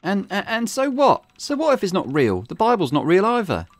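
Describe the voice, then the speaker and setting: A man's voice: high voice, huge pitch swings, moderate pace, no echo, pitched above the performer's own voice. Man voicing a flustered young fairy-tale lover. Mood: earnest. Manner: flustered and defensive, speeds up when upset. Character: earnest young woman who loves fairy tales.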